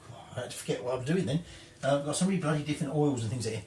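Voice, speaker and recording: Talking at a racing clip, this home cook has a somewhat high voice with a darkish tone. He rambles chattily through a casual recipe demo in his home kitchen, correcting himself and swearing offhandedly, while dishes clatter in the echoey room.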